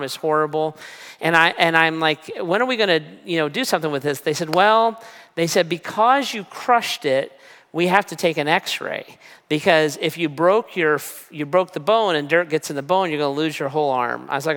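A pastor preaching a storytelling sermon, a man who brings his story to life and acts out its voices. His voice is forceful and smooth, a bit higher than most men's. The sound rings out with a long reverb, as in a large hall.

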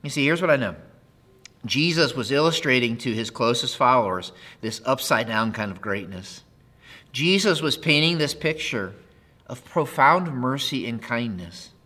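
A man's voice: mid-range voice, expressive, moderate pace, pushed and bright. A man preaching a sermon in a conversational way, with playful asides and acted-out quotes. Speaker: pastor.

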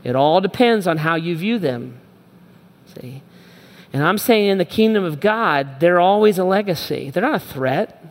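A man's voice: high voice, animated, moderate pace. A middle-aged male pastor preaching a sermon, emphatic and repetitive, speaking straight to his listeners. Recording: long hall reverb.

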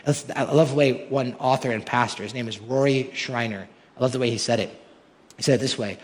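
Male pastor, sermon, rhetorical, building to emphatic peaks, mid pitch, long hall reverb. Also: a little fast. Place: large church hall.

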